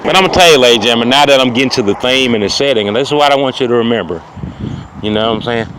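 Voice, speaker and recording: Rambling boastful man outdoors by traffic. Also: mid-range voice. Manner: rambling, boastful, repeats "ladies and gentlemen" and "you know what I'm saying". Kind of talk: improvised comic storytelling monologue.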